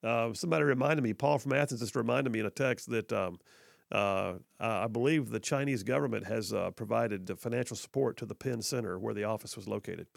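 A man's voice: on the low side, a little fast, gravelly, no room sound, studio quality. A man hosting a casual talk radio show, chatty and full of fillers. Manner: chatty, hesitant with many fillers.

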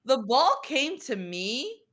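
A woman's voice: high-pitched, very animated, slow, a bit bright. Young woman, self-deprecating podcast chatter. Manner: playful, self-deprecating storytelling. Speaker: podcast co-host. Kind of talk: casual chat.

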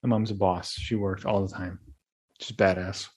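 A man's voice: low voice, normal speed, breathy edge. Rambling young man hosting a podcast. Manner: rambling, animated storytelling with frequent restarts. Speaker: podcast host. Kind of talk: casual monologue.

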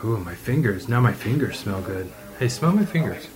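A man's voice: on the low side, animated, moderate pace, crowd noise, poor audio. A man co-hosting a podcast in casual chat, rambling and playful, full of self-mocking jokes. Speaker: podcast co-host.

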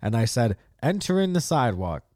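A man's voice: mid-range voice, fairly quick, no room sound, studio quality. A man in his late twenties hosting a podcast, telling stories in a casual, profane monologue and acting out the people he quotes. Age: late 20s. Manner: profane, animated, acts out quotes. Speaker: podcast host.

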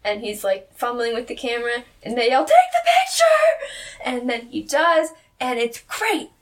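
Animated laughing woman recapping a show. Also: a little high, fairly quick. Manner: animated storyteller, laughs often. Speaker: podcast co-host. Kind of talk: casual chat recapping a TV episode.

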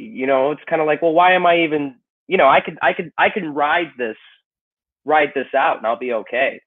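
A man with a Chicago accent in a casual podcast chat, rambling with lots of "you know" and swearing. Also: mid-range voice. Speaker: comedian moving cities. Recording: tinny phone-like sound.

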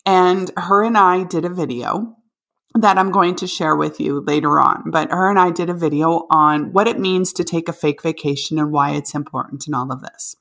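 Vlogger mom from Canada, low voice, chatty storyteller who laughs as she goes. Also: normal speed, vocal fry. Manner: animated, laughs while telling. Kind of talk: casual storytelling.

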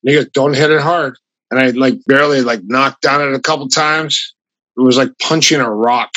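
Guy telling wild stories, gets animated doing other people's lines, bright voice, dry sound. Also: mid-range voice, fairly quick, no room sound, dull audio. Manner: animated, raises his voice when quoting others. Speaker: martial arts guest. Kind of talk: casual anecdotal storytelling.

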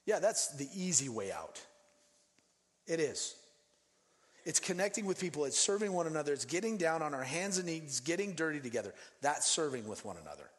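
A man from Denver preaches a casual, animated sermon, slipping into the voices of the people in his stories. His voice sits a bit high for a man, and it rings out with a long reverb, as if in a big church hall. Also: a little fast. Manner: conversational and animated, acting out quoted voices. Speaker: pastor.

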